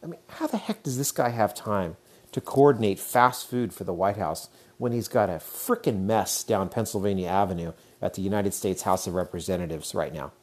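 A man with a very low voice hosts a casual solo podcast. He talks in a chatty, rambling way, laughing often and padding his sentences with fillers. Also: normal speed, darkish tone. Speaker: podcast host.

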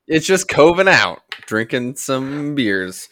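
A man hosting a casual soccer podcast, easygoing and relaxed, sometimes humming a little jingle. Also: a little high, slow pace, hardly any pauses, no room sound, clean studio sound. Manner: easygoing, hums a little jingle when announcing segments. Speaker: podcast host running a soccer segment.

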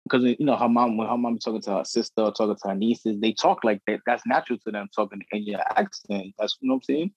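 A young man co-hosting a casual wrestling podcast, talking in a profane, slangy, excitable way. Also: lowish voice, fast talker, few pauses, slightly rough, dry recording. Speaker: podcast co-host. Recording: dry dull lo-fi audio.

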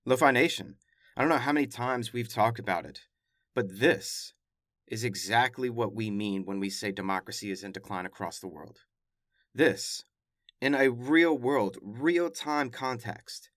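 A man's voice: on the low side, fairly bright tone, dry recording, clean studio sound. A man hosting a news podcast, reading headlines and commenting in a casual, emphatic way with wry asides. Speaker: podcast host.

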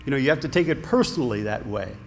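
A man's voice: mid-range voice, lively intonation, fast. A man preaching a sermon in a conversational, earnest way, with small restarts. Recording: long hall reverb, faint room noise.

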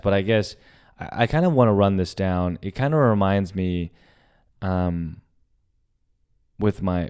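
A young man with a deep, low voice hosts a podcast and tells a personal story casually. He talks in an animated way, acting out the voices of the people in it. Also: clear, resonant tone. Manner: animated, acts out quoted lines. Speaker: podcast host.

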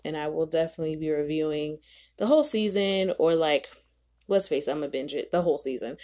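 A woman's voice: sits low, darkish tone. A woman hosting a podcast, chatting casually and with strong opinions. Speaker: podcast host. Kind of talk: casual chat.

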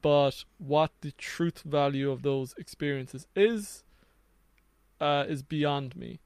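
A man's voice: a little high, takes it slowly, darkish tone, clear, resonant tone, dry recording. A man in casual podcast conversation who talks in a reflective, hesitant way with restarts and laughter.

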